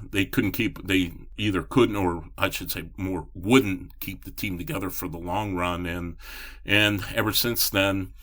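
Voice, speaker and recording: A man's voice: low-pitched, sharp tone. A middle-aged man, a baseball reporter, telling long rambling anecdotes in an interview, with many restarts and fillers. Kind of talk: storytelling in a podcast interview.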